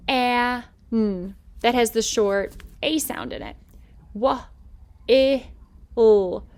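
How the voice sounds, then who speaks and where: Patient, higher-voiced woman teacher. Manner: patient, stretches out letter sounds slowly; checks in often with "okay?" and "right?". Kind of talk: recorded remote reading lesson.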